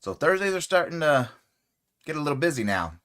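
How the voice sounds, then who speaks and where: A man hosting a casual crochet livestream, rambling relaxed and friendly with many fillers and greeting viewers by name. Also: fairly high pitch, brisk.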